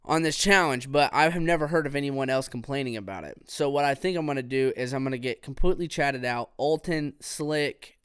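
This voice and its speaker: A man hosting a casual solo podcast, rambling in a relaxed way with plenty of fillers. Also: mid-range voice, clean tone, no room sound, studio quality. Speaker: podcast host. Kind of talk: casual solo gaming talk.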